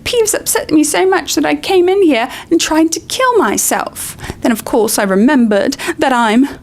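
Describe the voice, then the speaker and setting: A woman's voice: high-pitched, normal speed, pitched above the performer's own voice. A woman voicing a sulky, weepy ghost of a teenage girl in a melodramatic, whiny, tearful way while reading a book aloud. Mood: tearful whine.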